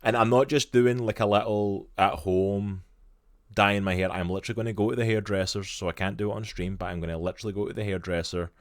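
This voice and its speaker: A Scottish man with a very deep voice co-hosts a live stream in casual chat. He talks in an eager, rambling way, and the sound is close and dry. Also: fairly even intonation, fast, no echo. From Scotland. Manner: chatty and enthusiastic, with lots of "literally" and "like". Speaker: stream co-host.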